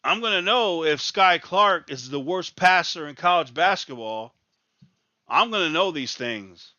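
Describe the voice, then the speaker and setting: A man's voice: fairly high pitch, animated, measured pace, bright, forceful tone, no echo, highs cut off. A man ranting in exasperation as he reacts live to a college basketball game, repeating his complaints. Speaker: sports talk host.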